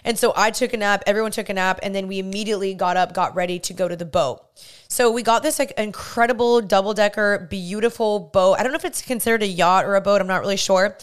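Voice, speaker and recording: A woman's voice: medium pitch, quick pace, clear, resonant tone. A woman in her twenties, a podcast host, telling a casual story in a bubbly, gushing way with lots of "like". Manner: bubbly, gushing, heavy use of "like".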